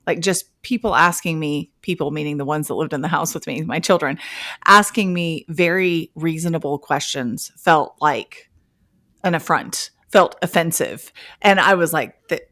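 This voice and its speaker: A woman's voice: sits low, normal speed, sharp tone. A woman hosting a podcast interview, chatting casually and affirming her guest. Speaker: podcast host.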